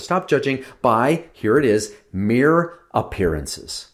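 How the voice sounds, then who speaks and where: A man's voice: mid-range voice, very animated, slow, few pauses. A man giving a sermon as a guest speaker, reflective and lingering on phrases with small asides.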